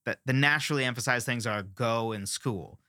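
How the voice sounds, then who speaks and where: A man teaching songwriting in a casual, opinionated and animated way, prone to rants. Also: medium pitch, a little fast, dry recording, studio quality.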